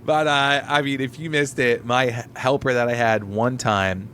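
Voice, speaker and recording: Guy cohost cussing thru delivery stories, middle pitch, little hiss behind. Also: normal speed. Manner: animated storytelling with swearing and put-on quotes. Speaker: podcast co-host, delivery driver. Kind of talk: casual profane chat.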